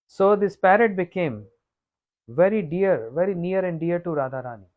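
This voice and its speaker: A man telling a devotional story as a monk, unhurried and repetitive, often clearing his throat. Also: high-pitched, expressive, narrow, tinny audio. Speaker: monk giving a scripture talk. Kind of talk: sermon storytelling.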